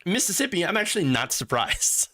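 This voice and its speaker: A man hosting a live political commentary show, sarcastic and animated, laughing at his own jokes. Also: high voice, a little fast. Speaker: host.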